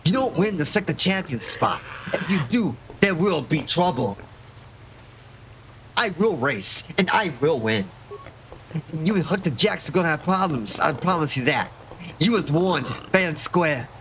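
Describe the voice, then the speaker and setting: A man's voice: a little high, lively intonation, a little slow, background noise. A man doing a menacing Gamorrean brute with a Jersey accent. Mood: threatening. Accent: New Jersey (put on). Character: threatening male Gamorrean swoop racer, tough and bullying.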